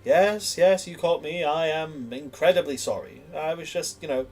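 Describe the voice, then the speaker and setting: A prim, overly polite café patron, put on by a man with a husky voice. Theatrical in both courtesy and disgust. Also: on the high side, moderate pace, a little mellow, close to an everyday voice. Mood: apologetic.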